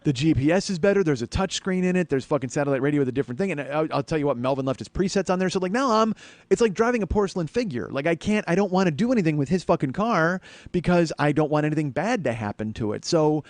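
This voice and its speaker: A man's voice: on the high side, lively intonation, fast, dry recording. A man in his forties hosting a comedy podcast, telling a long profane story and slipping into exasperated rants. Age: 40s. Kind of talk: profane comic storytelling monologue.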